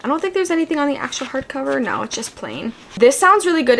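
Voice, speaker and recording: A young woman vlogging casually at home, chatty and rambling with lots of filler "likes", gushing excitedly. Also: high voice, fast talker, gravelly, few pauses, a little hiss or hum. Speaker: book vlogger. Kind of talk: casual book haul vlog.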